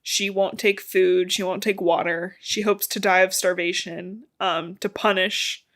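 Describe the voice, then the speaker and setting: A woman's voice: mid-range voice, steady tone, a little slow, a bit bright. A young woman podcast co-host retelling a novel's plot in casual chat, swearing freely and acting out the characters' lines. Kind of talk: casual book recap chat.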